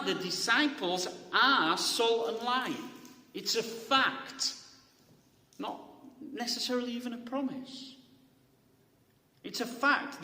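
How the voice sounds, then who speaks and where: Brief: male pastor, chatty sermon delivery, bright forceful tone, long hall reverb. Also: high voice. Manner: chatty, asks "right?" often, restarts phrases. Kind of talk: conversational sermon. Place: church hall.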